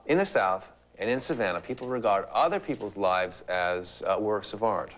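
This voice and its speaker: A man's voice: lowish voice, moderate pace, a bit bright. A man answering interview questions in a thoughtful, slightly hesitant way. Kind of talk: interview talk.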